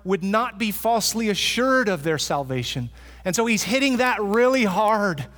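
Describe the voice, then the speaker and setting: A man's voice: sits high, a bit bright, big-room sound. A man preaching a sermon as the pastor, earnest, repeating key points for emphasis.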